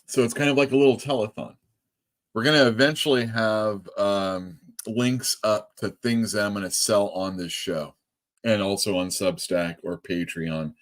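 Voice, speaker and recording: A man's voice: lowish voice, fairly even intonation, moderate pace. A man from California hosting a casual live stream for his comic shop, chatting loosely and reading out viewer comments. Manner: chatty, reads out chat comments, laughs often.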